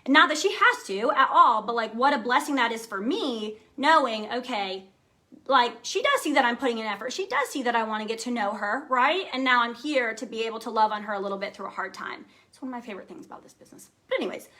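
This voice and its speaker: A woman's voice: a little high, expressive, quick pace, sharp tone. A young adult woman giving an emphatic, upbeat motivational live talk to her sales team, often checking in with "okay?" and "right?".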